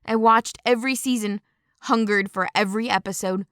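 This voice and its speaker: A woman reading a novel aloud in first person, measured and expressive. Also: medium pitch, clean tone, no room sound, studio quality. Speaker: audiobook narrator. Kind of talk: scripted first-person narration.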